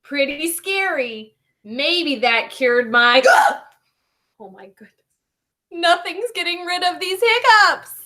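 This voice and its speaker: A woman's voice: extremely high pitch, expressive, slow pace, pauses often, bright, forceful tone, pitched above the performer's own voice, heavily acted. A woman voicing a small, fretful young male penguin who keeps breaking his words with hiccup gasps, reading a children's storybook aloud. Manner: gasping hiccups between words.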